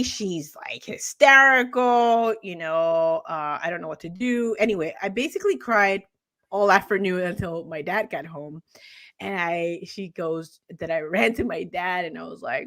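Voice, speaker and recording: Animated woman telling a story on a live chat. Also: fairly low pitch. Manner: animated storyteller, laughs often. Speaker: co-host. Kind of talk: casual morning show chat.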